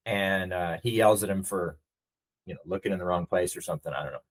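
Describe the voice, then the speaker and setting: Middle-aged guy, low and a bit husky, telling a story and doing the voices of people he quotes. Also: moderate pace, long pauses, poor audio. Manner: reflective storyteller who acts out quoted dialogue. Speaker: interview guest, nonprofit CEO and navy veteran. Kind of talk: casual storytelling interview.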